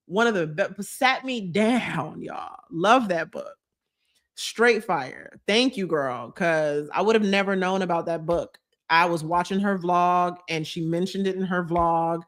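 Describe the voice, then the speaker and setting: A woman's voice: fairly low pitch, a bit bright. A woman vlogger chatting casually on a live stream, gushing and reading out viewer comments. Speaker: vlogger hosting a live chat.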